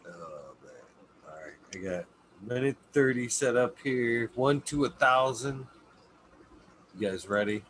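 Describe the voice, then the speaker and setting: A man's voice: medium pitch, animated, measured pace, a bit bright, a little hiss or hum. A man hosting a casual podcast chat, telling loose, profane stories and laughing, running a stream with a chat. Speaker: podcast host.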